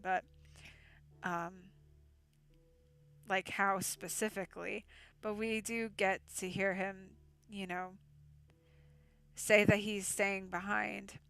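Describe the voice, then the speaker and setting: A woman hosting a casual livestream, chatting enthusiastically with viewers and laughing often, her voice going hoarse. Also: medium pitch, fairly bright tone. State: losing her voice. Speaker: livestream host.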